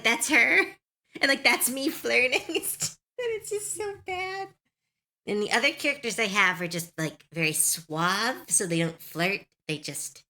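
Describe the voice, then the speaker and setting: A woman's voice: fairly low pitch, bright, forceful tone. A young adult woman streamer chatting casually on a live stream, chatty and self-deprecating, laughing often.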